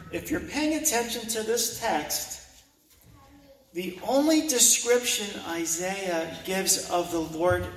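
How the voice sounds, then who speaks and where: A man delivers a sermon in a high voice, taking his time and repeating key phrases. He reads scripture aloud between his own remarks. The sound is roomy and distant, as if the mic sits away from him in a church sanctuary. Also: a bit bright. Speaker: preacher.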